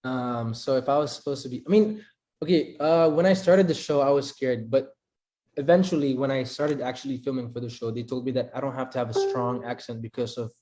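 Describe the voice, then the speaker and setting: A young man from the Philippines with a Filipino accent, answering interview questions in a relaxed, chatty way with lots of fillers. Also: medium pitch, brisk. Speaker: actor guest at a press conference. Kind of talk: casual interview answers, mixing English and Filipino.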